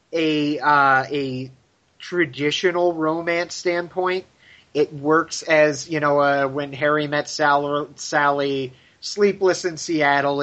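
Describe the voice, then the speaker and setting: A man's voice: a little high, fairly bright tone. A man co-hosting a podcast in casual chat, effusive and gushing, swearing freely. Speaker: podcast co-host.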